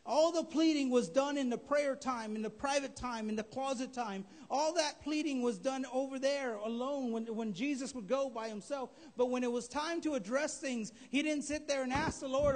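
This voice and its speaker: Male pastor, very high voice, emphatic live sermon, echoing church hall. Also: moderate pace, hardly any pauses. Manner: emphatic preaching, rising to shouts. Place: church sanctuary.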